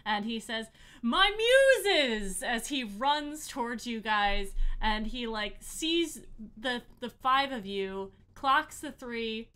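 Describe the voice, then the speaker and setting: A woman's voice: fairly high pitch, takes it slowly, pushed and bright, clear, resonant tone. A woman narrating a tabletop game as game master, casually, with many fillers.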